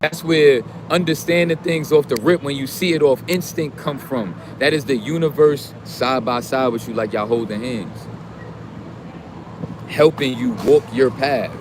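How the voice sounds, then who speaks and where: A man giving a casual, profane motivational rant in street slang, preaching and sometimes shouting. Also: medium pitch, unhurried, noisy background. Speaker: streamer giving motivational talk.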